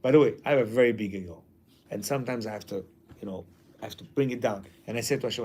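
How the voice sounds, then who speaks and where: A man's voice: mid-range voice, animated, fast talker, darkish tone, slight background noise. A man teaching a class in a casual way, reading a passage aloud and then commenting, often acting out quoted lines.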